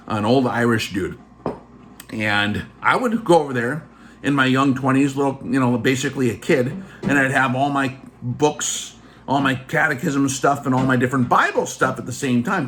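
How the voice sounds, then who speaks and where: A man's voice: medium pitch, fairly bright tone, a little hiss or hum. A man hosting a casual vlog, telling a personal story in a chatty way full of fillers. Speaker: channel host.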